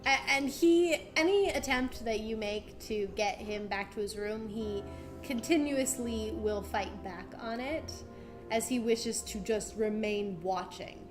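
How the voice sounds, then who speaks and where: A woman narrating a tabletop game as game master, relaxed and full of fillers. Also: a little high, unhurried, music in the background.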